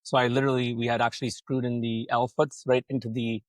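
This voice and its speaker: Fast-talking man telling his story. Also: mid-range voice, little pitch movement, no echo. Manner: rambling, swears freely, acts out quotes. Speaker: podcast guest, solar company founder. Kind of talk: casual storytelling.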